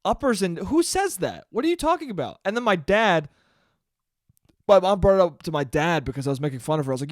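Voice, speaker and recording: A young man hosts a casual solo podcast from a small room, recording himself on camera. He rants animatedly, swears, and mimics people in quoted asides as he acts out conversations. His slightly high voice moves briskly on a dry, studio-quality recording.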